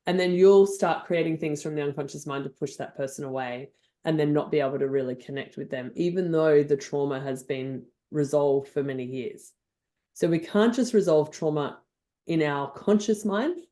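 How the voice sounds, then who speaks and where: Effusive older Australian woman. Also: low-pitched. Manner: effusive, animated storytelling. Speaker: guest NLP trainer. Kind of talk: podcast interview.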